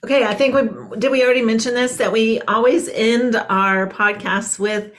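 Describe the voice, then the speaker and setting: A woman's voice: fairly high pitch, fairly even intonation, moderate pace, a bit bright. A woman co-hosting a podcast, speaking in a light, encouraging way. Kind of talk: casual podcast chat.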